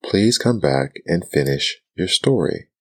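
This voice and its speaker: Man doing a polite young girl, whispered role-play, earnest, very deep voice, dry close sound. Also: expressive, a little slow, no echo. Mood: pleading.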